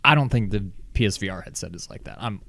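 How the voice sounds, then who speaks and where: A man's voice: on the low side, lively intonation, fast, a bit bright. A young man co-hosting a casual gaming podcast, laid-back, giving short opinions. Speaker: podcast co-host.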